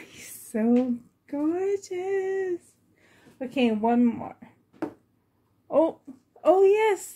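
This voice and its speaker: A woman's voice: sits high, mellow, slight background noise. A woman collector gushing with delight as she unboxes reborn dolls for a vlog.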